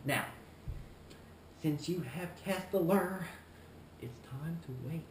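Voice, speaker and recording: A man plays a smug, self-important shoe store clerk in a comedic vlog monologue, his voice on the high side. He speaks slowly and deliberately with a condescending air. The recording has a roomy echo, faint ambience and slight background noise.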